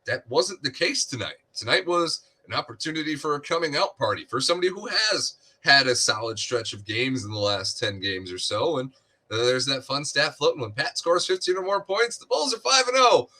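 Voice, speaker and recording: A man co-hosting a sports podcast, breaking down games in a measured, analytical way with dry humor. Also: a little high, sing-song, pushed and bright. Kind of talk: casual analytical chat.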